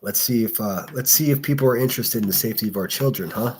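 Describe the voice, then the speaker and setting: A man's voice: medium pitch, fast, a little mellow, slight background noise. A man hosting a casual solo livestream, reading chat and giving blunt, profane, rambling commentary. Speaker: livestream host.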